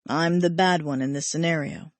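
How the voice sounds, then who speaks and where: Woman voicing a young male immortal, brooding, guilt-ridden, low and subdued. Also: steady tone, normal speed, no echo. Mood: bitter.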